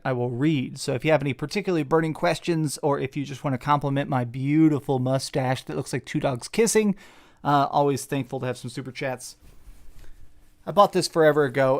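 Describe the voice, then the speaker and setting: Male streamer, young adult, joking and self-deprecating, slightly raised pitch. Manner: joking, self-mocking, rambling. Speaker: streamer reading super chats. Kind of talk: casual live stream chat. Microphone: desk mic with face cam.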